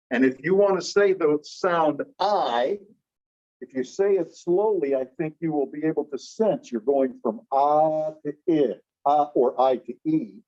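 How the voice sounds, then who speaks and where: A male teacher gives a classroom lecture in a slightly high, mellow voice with a husky edge. He explains step by step and keeps turning questions to the class. The recording sounds dull and lo-fi.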